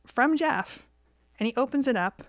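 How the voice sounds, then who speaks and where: Lively woman telling a story. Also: high voice, moderate pace, no echo, clean studio sound. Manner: animated storyteller, acts out quoted lines. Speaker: podcast co-host. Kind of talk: casual storytelling chat.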